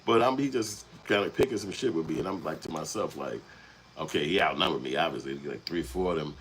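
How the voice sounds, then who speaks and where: A man's voice: very deep voice, fast talker, a bit bright, a little hiss or hum, low-quality recording. A man from Chicago's South Side, hosting his channel and telling a rambling, profane story in casual street talk. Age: adult, past young adulthood. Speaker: channel host.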